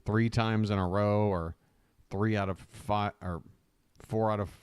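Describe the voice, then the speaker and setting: A man streaming a game live, griping, trash-talking his opponent and complaining about his bad luck in a casual, animated way. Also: lowish voice, a little slow, clean tone, no echo, clean studio sound. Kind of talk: casual live-stream commentary while gaming. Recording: loud music playing behind. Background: loud music.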